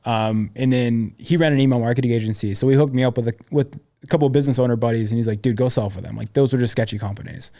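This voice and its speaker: A man's voice: mid-range voice, fairly even intonation, rapid-fire, few pauses, warm tone. A young adult man, a podcast guest, tells his sales career story in a casual, slangy way with plenty of swearing. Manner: slangy and profane, full of "dude" and "like".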